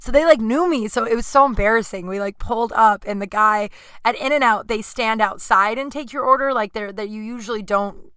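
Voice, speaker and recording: Speaking fairly quickly in a slightly high, bright, smooth voice, a woman in her thirties tells casual stories on her podcast from her apartment. She rambles with plenty of fillers and asides, and there's no room sound.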